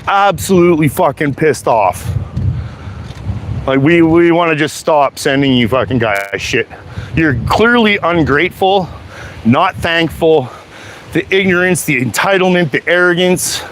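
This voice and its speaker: A man's voice: on the high side, lively intonation, measured pace, a bit bright, a little hiss or hum. A man rants angrily and swears constantly while he walks down a sidewalk outdoors. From Canada. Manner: heated, profane, repetitive swearing. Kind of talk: angry rant to camera.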